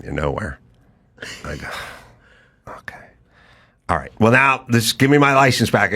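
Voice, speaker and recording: Animated, bright-voiced middle-aged man telling a story. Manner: animated anecdote, swinging up for mimicked voices and down low and quiet; swears freely, exasperated. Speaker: podcast host. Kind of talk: comic storytelling.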